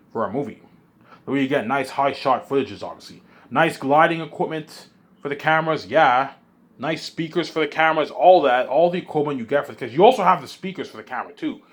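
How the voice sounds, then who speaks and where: A man rambling in an excited monologue, often repeating himself and restarting his sentences. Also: medium pitch. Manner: excitable, repeats himself, puts on voices of others. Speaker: vlogger.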